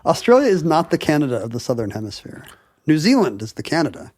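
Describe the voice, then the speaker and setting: A man co-hosting a podcast, reading the intro and joking with wry, deadpan humor. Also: on the high side, quick pace, slight background noise. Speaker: podcast co-host. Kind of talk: casual chat and scripted intro.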